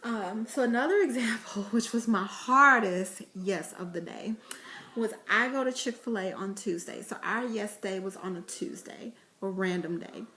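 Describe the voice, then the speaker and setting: A woman's voice: medium pitch, moderate pace, pushed and bright. A woman vlogging about parenting, telling chatty stories to camera with laughter and fillers. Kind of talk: casual vlog talk to camera.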